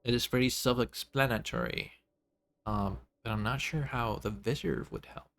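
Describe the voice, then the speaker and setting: A man's voice: mid-range voice, lively intonation, moderate pace, creaky, fairly bright tone. A man streaming a game, reading its dialogue aloud and musing over it with filler words.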